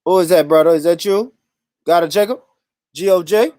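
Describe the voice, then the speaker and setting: A man's voice: sits high, a little fast, darkish tone, dry recording. Loose-talking male stream host, dry and close-miked. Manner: loose, swearing, chatty with viewers. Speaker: livestream host. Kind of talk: casual reaction livestream.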